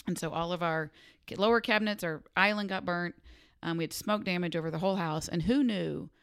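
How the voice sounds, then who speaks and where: A woman's voice: lowish voice, fairly quick, clean tone. A woman co-hosting a casual chat, telling a story and acting out the lines of the people in it. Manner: animated storyteller acting out quotes.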